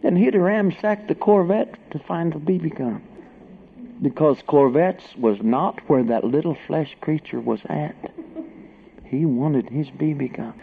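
A man preaching a sermon through humorous stories, swinging from hushed whispers to loud shouts. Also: a little high, unhurried, vocal fry. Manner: humorous, tells tall tales for laughs. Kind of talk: sermon storytelling. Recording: tinny phone-like band with faint noise.

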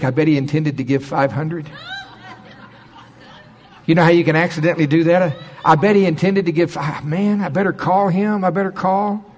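Middle-aged male pastor, lively storyteller who acts out the people he quotes. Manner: animated storyteller, voices quoted people in a higher pitch. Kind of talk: sermon storytelling.

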